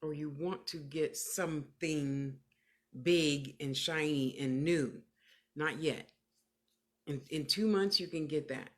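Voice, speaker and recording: Animated sassy woman giving livestream readings. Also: low voice, takes it slowly. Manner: animated, emphatic, sassy and motherly; repeats phrases for emphasis. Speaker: clairvoyant medium.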